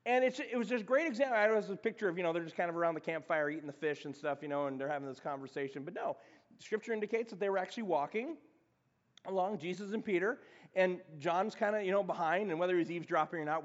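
A man preaching a sermon as pastor, talking in a conversational, animated way with frequent restarts. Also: sits high, quick pace. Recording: dull lo-fi sound in reverberant hall.

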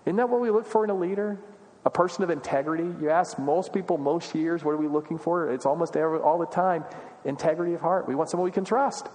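A man delivers a sermon in a fairly high voice, earnest and steady. He keeps asking the congregation rhetorical questions and presses hard on his main points. His words ring out with a long echo through a big church hall. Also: fast. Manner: earnest preaching with rhetorical questions, rising in emphasis. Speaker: pastor.

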